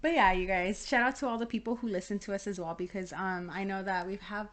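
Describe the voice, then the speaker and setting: A woman's voice: mid-range voice, fast, a bit bright. A young woman co-hosting a podcast in casual chat, chatty and giggly, with lots of fillers. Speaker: podcast co-host.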